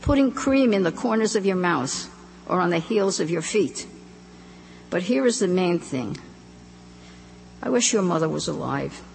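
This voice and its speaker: A woman reading aloud, voicing an aging immigrant father who insistently lectures his daughter with gravelly tenderness. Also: sits high, animated, a little slow, long pauses, heavily acted. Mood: lecturing. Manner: earnest, insistent advice-giving. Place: live reading in a hall. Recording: echoey hall, faint hum.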